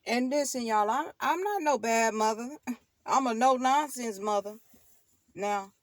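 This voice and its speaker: A woman's voice: on the high side, a little slow, no room sound. A middle-aged woman, talking straight to her viewers in a casual monologue, emphatic and repetitive, laughing often. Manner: emphatic, repeats herself, laughs often, preachy asides. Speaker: tarot channel host.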